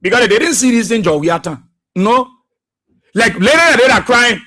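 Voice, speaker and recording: A man's voice: very high voice, big pitch swings, a little slow, pushed and bright. A man giving emphatic, repetitive political commentary as a radio talk show host.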